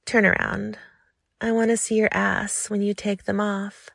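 A slow, commanding woman, played by the storyteller herself, giving orders in a low, quietly controlled voice. The tone is gravelly and drawn out, and the recording is close and dry. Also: flat delivery, no room sound.

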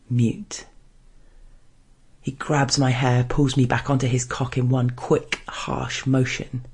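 A man reading a first-person erotic story aloud in a soft, hushed, restrained way. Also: medium pitch, vocal fry, breathy edge. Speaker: story narrator.

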